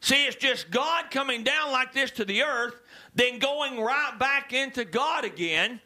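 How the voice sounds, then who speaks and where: High-voiced, bright preacher man. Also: lively intonation, unhurried. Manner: swings from low murmurs to loud shouted exhortations; calls out to the congregation. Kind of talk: sermon.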